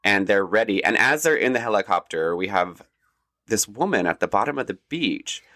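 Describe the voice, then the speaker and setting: A man co-hosting a podcast, retelling scenes casually in an animated way and laughing often. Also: on the low side, normal speed. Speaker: podcast co-host. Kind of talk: casual chat.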